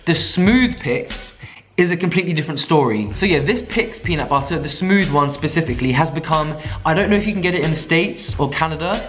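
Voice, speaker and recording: A man's voice: on the high side, lively intonation, brisk, fairly bright tone, faint music behind. A young man from the UK chatting enthusiastically to camera about his food, casual and self-mocking. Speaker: vegan food vlogger.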